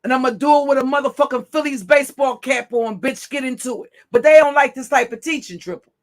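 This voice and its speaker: A livestream host with a high-pitched voice speaks quickly in a ranting monologue. She confronts her chat head-on, cursing and taunting them.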